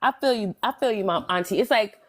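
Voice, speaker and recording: A woman's voice: mid-range voice, fast talker, a crowd in the background. A woman in casual conversation who thinks aloud, trails off and restarts, and chuckles often. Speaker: panelist in a live discussion. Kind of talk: casual reflective chat.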